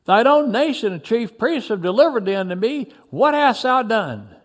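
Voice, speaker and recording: A man's voice: very high-pitched, big pitch swings. A man voicing a stern, exasperated Roman governor. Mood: questioning. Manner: archaic formal speech, slow and emphatic.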